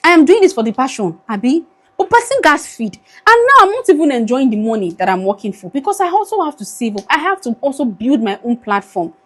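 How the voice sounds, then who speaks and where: Young woman, Nigerian accent, high-pitched, pleading and weary, emotional vlog, phone camera. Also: sing-song, fast talker. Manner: pleading, weary, switches into Pidgin. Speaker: vlogger.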